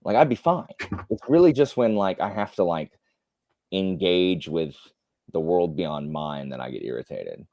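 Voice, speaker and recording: A man's voice: sits low, sing-song, normal speed, dark tone, dry recording, clean studio sound. A man hosting a live stream, chatting casually and answering viewer comments in a rambling, filler-heavy way with blunt opinions. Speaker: livestream host. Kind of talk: casual chat while reading viewer comments.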